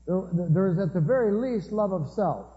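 A man's voice: sits high, animated, moderate pace, mellow. Man preaching with dry humor, reverberant hall. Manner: humorous storytelling with asides. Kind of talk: conversational sermon. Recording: dull recording with long hall reverb.

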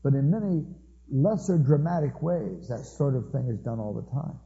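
A man's voice: mid-range voice, lively intonation, moderate pace, mellow. A man giving a conversational sermon, telling stories with humorous asides. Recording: dull recording with long hall reverb.

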